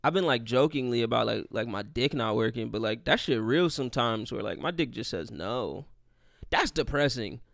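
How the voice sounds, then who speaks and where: A man's voice: mid-range voice, animated, normal speed, creaky, a bit bright, no echo, studio quality. A young man hosting a casual solo podcast, rambling and profane, joking at his own expense. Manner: profane, rambling, self-deprecating. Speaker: podcast host.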